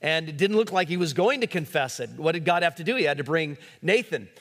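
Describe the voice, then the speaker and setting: A male pastor preaching a sermon in a relaxed conversational way, with frequent fillers and restarts. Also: on the high side, brisk, big-room sound.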